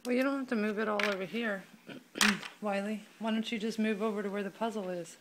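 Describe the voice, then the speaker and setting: A mother talking softly and playfully with her small child at home, coaxing and affectionate, filmed on a handheld camera. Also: medium pitch, steady tone, fairly quick. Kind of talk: playful talk with a toddler. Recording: home video with clear background noise.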